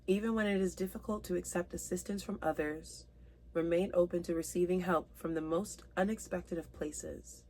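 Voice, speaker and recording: A woman with a somewhat low voice gives a spiritual tarot reading straight to her viewers. She speaks earnestly and with open emotion, slowing down to read each card's meaning aloud. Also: fairly even intonation, a little mellow, slight background noise. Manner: reads card meanings aloud slowly. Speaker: tarot reader.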